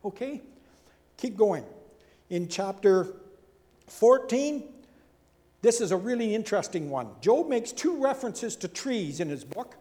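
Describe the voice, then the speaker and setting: Animated high-voiced male preacher. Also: measured pace, pauses often. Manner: animated, acts out quoted speakers with big swings in pitch and loudness; conversational asides and rhetorical questions. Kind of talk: sermon. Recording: long hall reverb.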